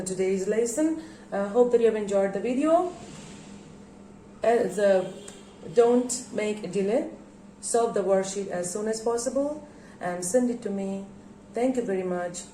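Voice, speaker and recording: Speaking in a warm, mid-range voice, this Bangladeshi woman leads an English lesson, emphasizing words by drawing them out and repeating them for the students. It's a classroom recording with echo and faint background noise.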